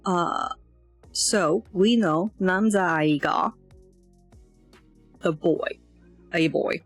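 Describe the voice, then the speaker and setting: A woman's voice: lowish voice, measured pace, soft background music. A woman talking through a language lesson, rambling and hesitant, poking fun at herself as she goes. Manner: rambling, hesitant, self-deprecating. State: yawning, tired. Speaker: language learner streamer. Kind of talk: casual lesson walkthrough.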